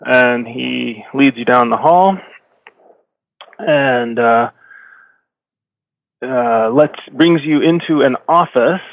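A man narrating as game master in a tabletop game, halting with many fillers and self-corrections, on a slightly dull recording. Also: mid-range voice, vocal fry, no echo.

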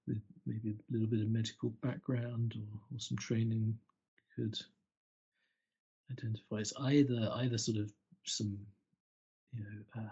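Slow gravelly guy running a tabletop game, lots of ums, husky and muffled call audio. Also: mid-range voice. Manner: hesitant, many ums and restarts. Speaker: game master. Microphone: computer mic on a call.

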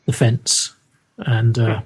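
A man's voice: mid-range voice, little pitch movement, slow, slightly rough. A man as game master, narrating a tabletop horror game in a hesitant, descriptive way with many fillers.

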